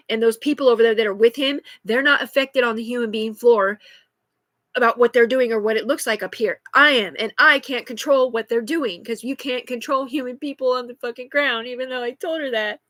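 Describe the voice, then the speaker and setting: A woman's voice: fairly high pitch, a bit bright, no room sound. A woman, likely in her thirties, talking agitatedly and rambling with heavy swearing in an unscripted live stream on a phone. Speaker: livestreamer.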